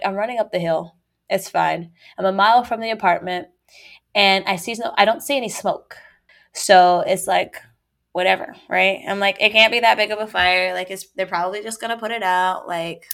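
A woman's voice: mid-range voice, vocal fry. Chatty young woman telling a story. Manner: chatty and animated, quick asides and laughs. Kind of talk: casual story time.

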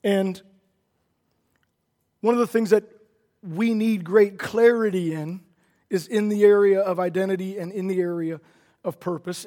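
Man, sermon, high voice, earnest, repeats himself, emphatic. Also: a little mellow, long reverb tail. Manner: earnest, repeats words, builds to emphatic declarations. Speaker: preacher.

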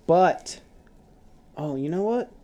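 A young man hosting a casual podcast chat, telling stories in an animated way, swearing and breaking into acted-out quotes. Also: sits high, extremely slow. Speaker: podcast host.

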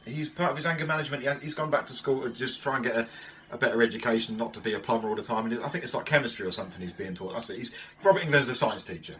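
A man's voice: mid-range voice, racing, a bit bright, slight background noise. A man co-hosting a podcast, chatting casually and enthusiastically, swearing freely as he rambles through retellings. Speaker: podcast co-host. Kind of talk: casual chat.

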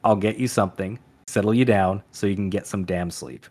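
A man reading the lines of a gruff, weary veteran in his forties who tries to calm his friend, in a low voice. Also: brisk, close to an everyday voice. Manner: gruff, consoling.

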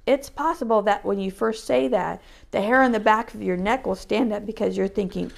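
A woman reading a Christian devotional book aloud in an earnest, measured way. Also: mid-range voice, vocal fry.

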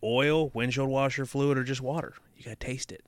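Casual reading and banter: this co-host works through a horror book on air, pausing often to crack jokes, tease, and quote passages with mock drama. He talks a little fast at a medium pitch with a steady tone, recorded with no room sound.

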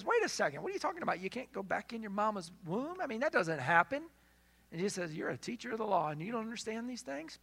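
Pastor with a bright, forceful voice. Preaches in a talky way and acts out scripture scenes as back-and-forth dialogue. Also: mid-range voice. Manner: retells scripture as lively dialogue; conversational, asks the congregation questions. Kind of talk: sermon.

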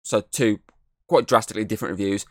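The studio-quality audio, free of room sound, captures a podcast co-host with a lowish voice speaking quickly. His casual conversation wanders, with plenty of fillers and swearing.

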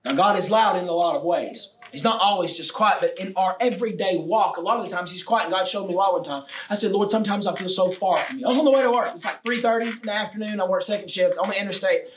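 A man preaching a sermon with passion, swinging from shouts down to near-whispers. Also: high-pitched, quick pace, hardly any pauses. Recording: echoey room, distant mic, faint noise.

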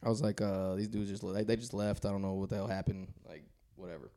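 A man telling a casual story on a podcast, animated and laughing as he goes. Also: low-pitched, quick pace. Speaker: guest on a podcast.

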